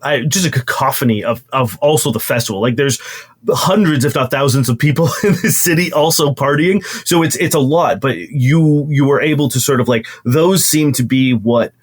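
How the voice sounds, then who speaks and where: Man narrating as game master. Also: mid-range voice. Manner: descriptive, halting with fillers.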